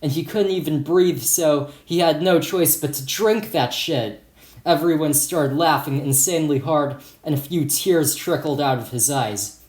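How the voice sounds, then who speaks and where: A man's voice: a little high, measured pace, darkish tone, reverberant. A man narrating an audiobook chapter in a casual, profane storytelling manner. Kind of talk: audiobook reading.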